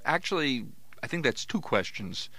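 A man's voice: medium pitch, very animated, normal speed, bright, forceful tone. A man hosting a comedy podcast as a ventriloquist, joking and punning as the straight man to his dummy.

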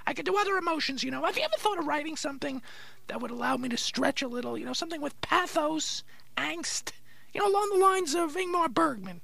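A man's voice: expressive, fast talker, bright, forceful tone, no room sound, exaggerated voice. A man voicing a big-mouthed male wooden ventriloquist's dummy in a comedy podcast routine, whiny and theatrical. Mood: indignant. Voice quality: squeaky, gravelly.

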